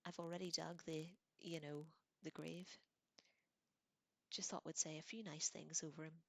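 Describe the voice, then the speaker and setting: A woman whispering as a tearful gruff giant, whispered role-play. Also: sits low, fairly even intonation, no echo. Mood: choked. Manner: halting, choked, tearful speech. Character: grieving giant male groundskeeper, gruff.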